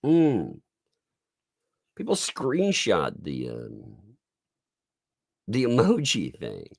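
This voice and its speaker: A middle-aged man hosting a live-stream commentary, sarcastic and quick to laugh and swear, his voice congested from sinus trouble. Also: on the low side, huge pitch swings, gravelly, slightly rough, no echo, clean studio sound. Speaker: online commentary host.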